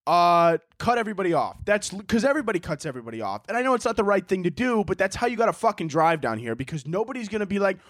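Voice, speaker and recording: A man's voice: high-pitched, rapid-fire, few pauses, no echo, clean studio sound. A young man from Chicago telling a story on his solo podcast, swearing freely and acting out everyone in it. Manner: animated, profane, acts out the people in his stories. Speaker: podcast host.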